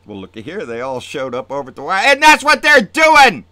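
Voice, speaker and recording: Man ranting about politics: bright, lively pitch, dry close sound, profane and fired up. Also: fast, hardly any pauses, no echo. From Texas. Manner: profane, fired-up, swings between muttering and shouting. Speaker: political vlogger. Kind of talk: angry political rant.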